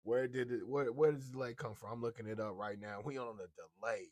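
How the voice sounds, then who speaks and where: A man's voice: mid-range voice, fairly even intonation, quick pace, no room sound. A man hosting a live sports commentary stream, talking in a slangy, taunting way and repeating his lines in a sing-song chant. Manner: slangy, casual. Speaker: streamer host.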